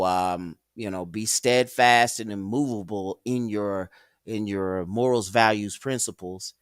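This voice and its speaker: A man's voice: lowish voice, dry recording, clean studio sound. A man hosting a livestream and reading chat aloud, rambling and profane with a mock-tough edge.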